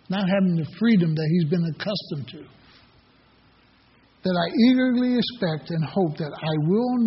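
A man's voice: high voice, breathy edge. A middle-aged man preaching a sermon as pastor, telling folksy personal stories between scripture readings. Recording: echoey hall, dull lo-fi sound.

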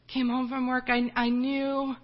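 A woman missionary shares an earnest, emotional personal testimony, often halting and starting over. Her voice sits high with a level tone, and the sound is lo-fi.

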